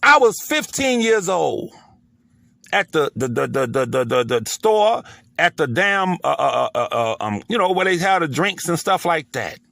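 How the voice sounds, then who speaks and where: A man's voice: a little high, sing-song, normal speed, gravelly, pushed and bright, no echo, clean studio sound. A man with a Southern US accent giving heated, preachy commentary, repeating words for emphasis.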